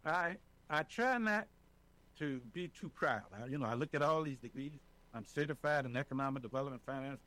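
A man being interviewed as a residents' advocate, talking in an animated, emphatic way and often checking in with the listener. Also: mid-range voice, fairly quick, poor audio. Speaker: senior residents' advocate, guest. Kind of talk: casual interview talk.

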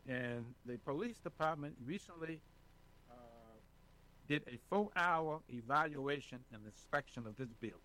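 A man being interviewed as a residents' advocate, talking in an animated, emphatic way and often checking in with the listener. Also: on the high side, normal speed, poor audio. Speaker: senior residents' advocate, guest. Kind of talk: casual interview talk.

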